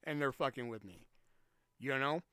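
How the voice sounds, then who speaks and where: A young man hosting a podcast, telling a story as a profane, ranting monologue and jumping up in pitch when he quotes himself. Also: normal speed, clear, resonant tone, dry recording, studio quality. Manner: animated, jumps high when quoting himself. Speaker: podcast host. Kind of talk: casual monologue.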